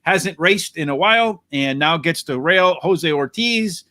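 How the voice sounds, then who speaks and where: Man, racing handicapper, bright tone, dry close sound, analytical, brisk. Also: on the high side, lively intonation, no echo. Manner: brisk, analytical, addresses co-host by name. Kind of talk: horse racing preview analysis.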